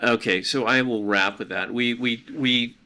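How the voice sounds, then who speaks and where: A man's voice: mid-range voice, moderate pace, sharp tone. A middle-aged man hosting a podcast in casual chat, rambling and hesitant with frequent ums. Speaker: podcast host.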